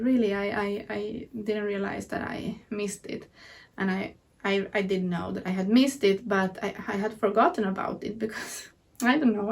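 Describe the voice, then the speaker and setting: A woman's voice: medium pitch, gravelly, far from the mic. A woman vlogger telling her personal story earnestly and candidly to camera. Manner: earnest, candid retelling of events.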